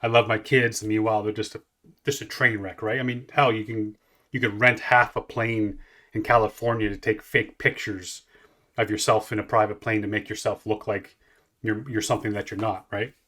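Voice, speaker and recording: A man in his late forties talks through a track in a low but bright, punchy voice. He rambles and restarts his sentences, swearing freely as he reacts. His delivery stays loose and conversational. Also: flat delivery, normal speed. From Canada. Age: 40s. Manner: rambling, profane, many restarts. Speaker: music reaction host. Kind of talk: casual reaction commentary.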